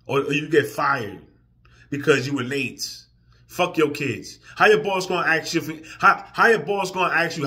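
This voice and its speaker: A man ranting emotionally in a profane vlog, drifting from quiet, weary talk to loud, heated outbursts. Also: on the high side, animated, normal speed. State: emotional, near tears. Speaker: vlogger.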